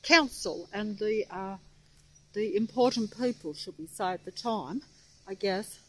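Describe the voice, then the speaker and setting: An older woman, a local history vlogger, rambles outdoors on a walking vlog, losing her place as she reads a plaque and often running out of breath. Her mid-range voice is unhurried. The audio is low quality, with slight background noise.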